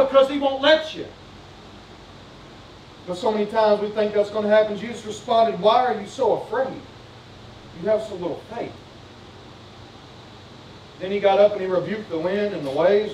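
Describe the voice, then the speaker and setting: Delivering a sermon in a high-pitched voice, this pastor speaks fervently, repeats himself and questions his congregation. The mic is distant in a spacious church sanctuary, and there is slight background noise.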